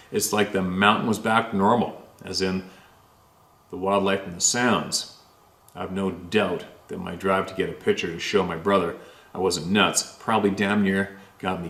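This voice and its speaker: A man's voice: lowish voice, fairly bright tone. Chatty man reading letters, echoey room. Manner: rambling, chatty, with many fillers and restarts. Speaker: host reading listener stories. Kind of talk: reading a listener's letter aloud, then casual commentary.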